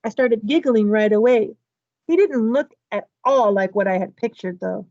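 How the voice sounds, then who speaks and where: Higher-voiced teacher reading aloud to her class. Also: moderate pace, dry recording, highs cut off. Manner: lively, voices the dialogue of each character. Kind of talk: children's book read-aloud.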